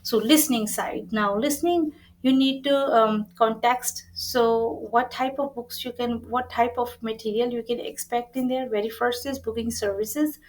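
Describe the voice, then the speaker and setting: A woman's voice: fairly high pitch, steady tone, normal speed, poor audio. A woman teaching an exam-prep lesson, explaining earnestly with many restarts and repeated phrases. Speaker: IELTS tutor.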